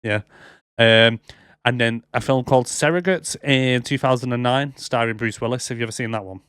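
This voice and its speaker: A man's voice: mid-range voice, moderate pace, fairly bright tone, clear, resonant tone, no room sound, studio quality. A man co-hosting a movie podcast, chatting casually and rambling with lots of fillers. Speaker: podcast co-host. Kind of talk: casual chat.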